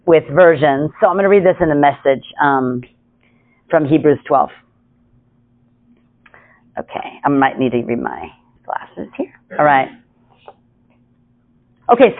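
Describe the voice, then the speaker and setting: A woman teaching a casual Bible study, chatty, with many asides and laughs. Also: fairly low pitch. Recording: tinny phone-like sound.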